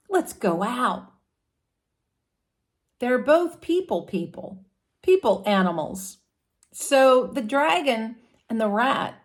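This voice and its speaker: A woman explaining astrology casually, as a story about animal characters. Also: fairly high pitch.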